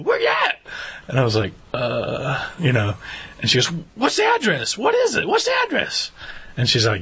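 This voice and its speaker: Husky man telling an animated story. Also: medium pitch. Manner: animated storytelling, acting out quoted dialogue. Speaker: podcast co-host. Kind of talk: casual chat.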